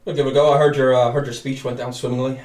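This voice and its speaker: A man's voice: medium pitch, flat delivery, very fast, a little mellow, lightly acted. Man putting on a swaggering crude tiefling brute. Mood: casual. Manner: coarse, swaggering, swears freely. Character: huge brash crude male tiefling brawler. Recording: roomy, distant mic.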